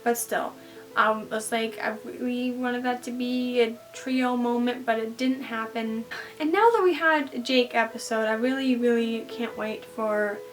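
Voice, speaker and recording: A woman talking through a TV episode in a casual recap, gushing and excitable as a fan. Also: a little high, unhurried, recorded from a distance, faint music behind.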